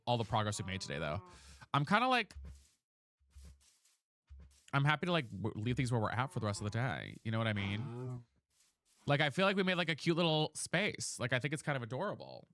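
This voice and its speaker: A man's voice: mid-range voice, big pitch swings, fairly quick, long pauses, fairly bright tone. A man chatting casually on a live game stream, dramatic and chatty, thanking viewers by name. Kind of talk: casual live-stream chat while gaming.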